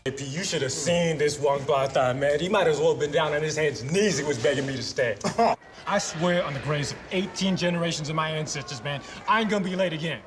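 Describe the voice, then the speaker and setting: An actor plays a swaggering young man bragging to his buddy in a comedy film. His slangy talk runs high in pitch, with soft music underneath. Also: quick pace, close to an everyday voice.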